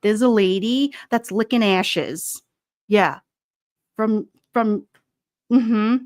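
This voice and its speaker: A chatty middle-aged woman hosting a casual live stream, laughing often and rambling through her stories with plenty of fillers. She sits close to the mic in a dry, dead-sounding space, her pitch right in the middle. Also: drawn-out words, a little mellow, no echo. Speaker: livestream host. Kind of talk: casual live-stream chat reading comments.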